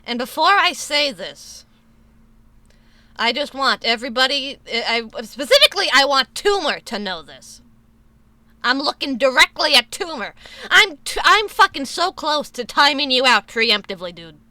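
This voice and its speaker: A woman's voice: high-pitched, sing-song, unhurried, bright, forceful tone, no echo. A woman streamer chatting casually with her viewers, swearing a lot and restarting sentences as she rambles about a sore tooth. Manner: profane, rambling, many restarts. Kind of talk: casual live-stream chat.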